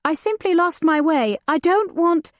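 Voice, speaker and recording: A woman's voice: very high-pitched, expressive, measured pace, no room sound, studio quality, voice pushed up. A woman voicing a frightened young woman in an audiobook, stammering in panic. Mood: pleading. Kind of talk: audiobook character voice.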